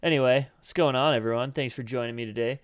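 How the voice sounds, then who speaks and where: On a live stream, a man casually walks through trading charts, rambling loosely with lots of fillers and the occasional curse word. His mid-range voice is clear and resonant, fairly even, and fast, but his throat is scratchy, so it cracks and he clears it often.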